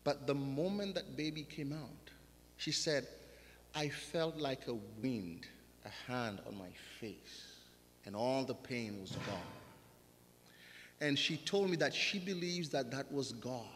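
A man preaching a sermon in a church, swinging from loud exclamations to hushed, drawn-out lines. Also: mid-range voice, a little hiss or hum. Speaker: pastor. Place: church sanctuary. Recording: long church hall reverb.

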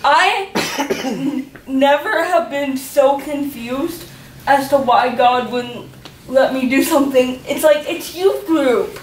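Teen girl, unhurried, chatty faith testimony, lots of "like", heard from across an echoey hall. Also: high voice, a little hiss or hum. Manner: chatty, filled with "like", laughing often. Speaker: youth group member giving a testimony. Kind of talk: personal faith testimony talk. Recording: echoey room, faint ambience, from far off.

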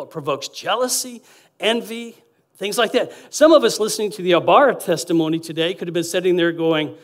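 A man preaching as a guest pastor, lively, acting out quotes and swinging between loud and quiet passages. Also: sits high. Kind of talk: sermon.

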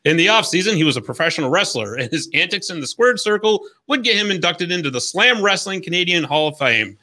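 A man's voice: sits high, big pitch swings, fast talker, bright, forceful tone. A man hosting a hockey podcast, reading a scripted history segment in an upbeat, jokey storytelling way. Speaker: podcast host.

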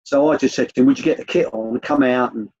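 An older man, a former youth coach, telling rambling anecdotes with many restarts in a relaxed interview. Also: medium pitch, fast, no echo, dull audio.

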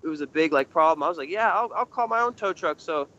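Bright-voiced young man telling a story. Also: on the high side, fast. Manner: animated, acts out other people's lines in a raised voice. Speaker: interview guest, urban explorer. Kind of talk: casual storytelling in an interview. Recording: slightly muffled with faint noise.

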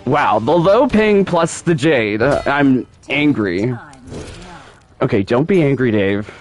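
A man's voice: medium pitch, animated, unhurried, faint music behind. A man streaming live gameplay commentary, exasperated and repeating himself as he talks to himself and his chat. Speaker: gaming streamer.

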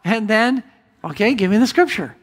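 A man preaching a sermon as pastor in a church, emphatic, with big swings from loud declarations to hushed asides. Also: high voice, animated, moderate pace. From United States. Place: church sanctuary.

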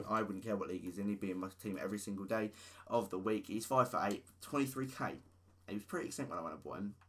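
A man's voice: on the low side, pushed and bright. A man giving casual gaming commentary, rattling off player stats with enthusiasm. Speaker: gaming YouTuber.

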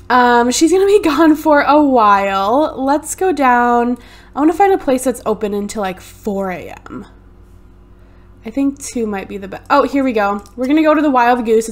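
A woman hosting a let's play, chatty and narrating each move on a USB desktop mic. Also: high-pitched. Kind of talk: casual gameplay commentary.

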